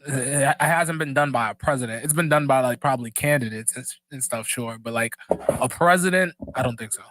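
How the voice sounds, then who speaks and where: A man's voice: mid-range voice, a little fast, background noise. A man, co-hosting a podcast in casual, profane, laughing chat. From the Bronx, New York. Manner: loose, profane storytelling with a laugh. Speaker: podcast co-host.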